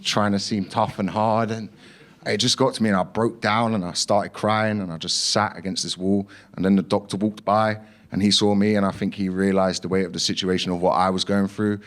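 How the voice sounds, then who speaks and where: A man's voice: on the low side, level tone, fairly quick, fairly bright tone. A young man performing a stand-up comedy set, telling a story in a punchy way, acting out quotes and swearing as he goes. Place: comedy club stage.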